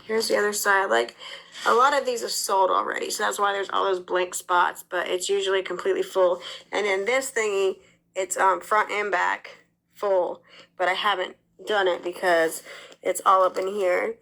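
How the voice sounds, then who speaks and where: A woman's voice: medium pitch, fairly even intonation, moderate pace, creaky, a bit bright, low-quality recording. A woman chatting casually on a livestream, rambling with lots of fillers, sick with a cough. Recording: clip played inside a commentary video.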